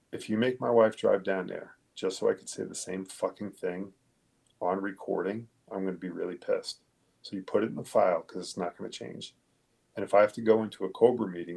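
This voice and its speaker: A man with a low, gravelly, somewhat husky voice tells his story as a guest in an interview. He is a police detective who speaks bluntly and emphatically, swearing freely. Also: darkish tone.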